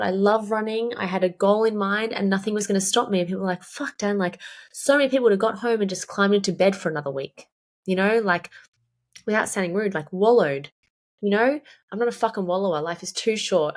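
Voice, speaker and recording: A woman in her thirties, a fitness coach and podcast guest, candidly and emphatically telling a personal story, swearing freely. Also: medium pitch. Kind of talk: casual chat, personal storytelling.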